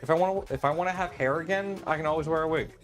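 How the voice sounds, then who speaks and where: A man's voice: on the high side, racing, faint music behind. A man hosting a livestream, chatting casually and rambling, joking about himself and answering viewers. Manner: rambling, self-deprecating, answers chat. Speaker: livestream host.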